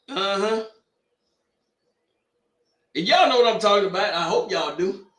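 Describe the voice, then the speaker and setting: A man in his forties hosting a watch-party stream, telling loud, joking stories in a casual, rambling way. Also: high voice, animated, echoey room. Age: 40s. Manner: loud, boisterous, joking, drawn-out tangents. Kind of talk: casual storytelling chat.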